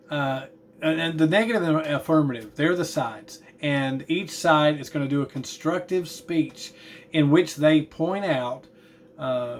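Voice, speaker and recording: A man's voice: fairly high pitch, slight background noise. A man teaching a class, talking in a tired, chatty way with asides about yawning. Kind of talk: classroom lecture.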